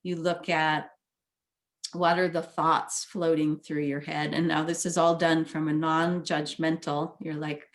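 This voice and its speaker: Gentle soothing woman therapist. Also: deep voice, little pitch movement, unhurried. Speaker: therapist guest. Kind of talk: casual conversation.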